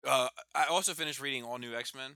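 A man's voice: mid-range voice, fairly quick, no echo, clean studio sound. A man in casual chat, animatedly retelling a comic book scene, laughing and swearing as he goes. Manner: animated storyteller, reads out lines with laughs and swearing.

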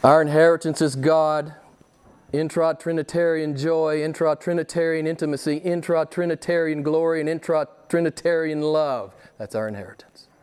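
A middle-aged man preaching a sermon with fervor. His voice sits a little high and keeps leaping up in pitch when he presses a point, then dropping low and quiet for emphasis. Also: fairly even intonation, moderate pace, clear, resonant tone. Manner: impassioned, swings from quiet to loud with sudden rises.

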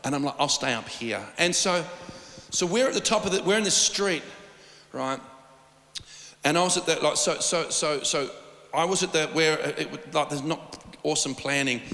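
A man preaching a sermon, telling stories in an animated, rambling way with lots of restarts. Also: a little high, normal speed. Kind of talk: sermon with storytelling. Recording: long reverb of a large hall.

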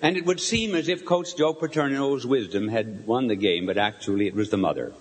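An older man, a bishop, preaching a sermon to a live audience, telling a story with lively questions to the crowd. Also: mid-range voice, a little fast. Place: large hall before a live audience. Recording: long hall reverb.

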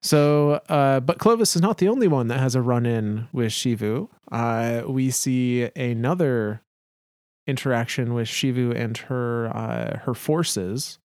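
Slow, measured male narrator. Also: medium pitch, darkish tone, smooth, dry recording, studio quality. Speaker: podcast co-host. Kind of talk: story narration and casual chat.

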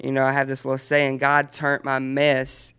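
A man's voice: medium pitch, monotone, moderate pace, a bit bright, clean tone. A young man telling his personal faith testimony earnestly in a casual chat, often laughing as he speaks. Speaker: guest sharing testimony.

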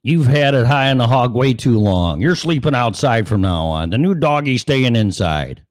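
A man's voice: mid-range voice, expressive, normal speed, no echo, studio quality. A man hosting a show, ranting sarcastically and cursing, now and then acting out other voices. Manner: acts out voices mid-rant. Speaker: show host. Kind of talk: opinion monologue.

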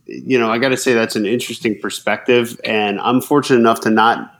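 Male podcast host, mid-pitched, easy conversational interviewer. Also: steady tone, a little fast, fairly bright tone. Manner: conversational, with restarts and "I mean".

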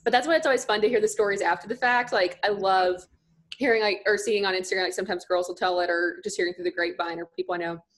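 Young woman, casual chat, middle pitch, lots of fillers, animated storyteller. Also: quick pace. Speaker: podcast guest.

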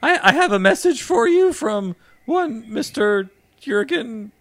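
A man's voice: very high-pitched, very animated, unhurried, a bit bright, no echo, heavily acted. A man playing an eager young army private reporting for duty in a clipped military manner.

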